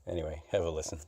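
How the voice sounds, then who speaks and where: A man's voice: a bass voice, dark tone, dry recording. A man hosting a solo podcast, rambling and mumbling with a lot of swearing. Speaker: podcast host. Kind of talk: casual solo podcast chat.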